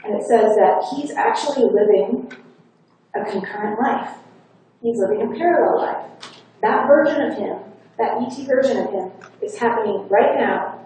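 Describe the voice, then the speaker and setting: A woman's voice: on the high side, dark tone. A woman hypnotherapist giving a conference talk, chatting her way through a client's session story. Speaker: hypnotherapist speaker. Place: conference hall. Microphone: faulty wireless lapel mic. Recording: echoey hall, distant mic, faint hiss.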